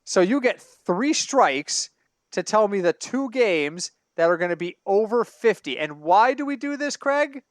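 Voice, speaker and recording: A man's voice: sits high, a little slow, dry recording, clean studio sound. A man co-hosting a sports podcast in casual banter, telling long rambling stories and correcting himself as he goes. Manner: rambling, animated storytelling with self-corrections. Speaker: podcast co-host. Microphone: home computer mic over online call.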